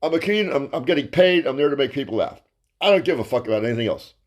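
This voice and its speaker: A man's voice: medium pitch, animated, rapid-fire. A man, a stand-up comedian, telling a crude, rambling story in a ranting style and tripping over his words. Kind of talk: profane comic storytelling monologue.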